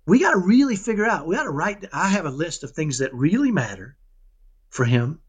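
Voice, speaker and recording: A man talking casually in an interview about raising his son, animated and often checking in with "right?". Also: sits high. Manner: animated, keeps asking "right?"; acts out dialogues with his son. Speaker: parenting guest.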